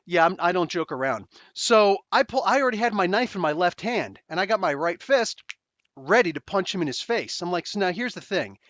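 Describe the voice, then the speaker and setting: A man's voice: high voice, fairly quick, dry recording, muffled recording. A man in his forties, host of a podcast, telling a story casually, swearing and acting out what people said. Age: 40s. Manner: animated, swearing, acts out quotes. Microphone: close desk microphone.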